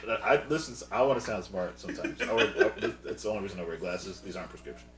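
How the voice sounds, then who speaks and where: A man's voice: low-pitched, lively intonation, quick pace, fairly bright tone, roomy sound, recorded from a distance, a little hiss or hum, low-quality recording. A man co-hosting a podcast, casually retelling a movie plot with dry jokes. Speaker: podcast co-host. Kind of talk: casual movie recap chat.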